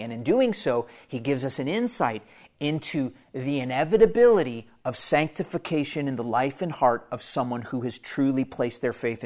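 A man's voice: mid-range voice, a little mellow. A man preaching an expository sermon, earnest and emphatic, repeating key phrases for weight.

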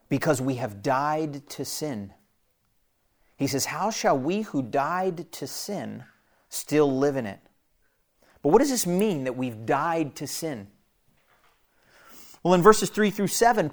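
A man preaching through a scripture passage in an earnest, emphatic way, his voice sitting a bit higher than most men's. He repeats his key phrases to press each point home. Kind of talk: expository sermon.

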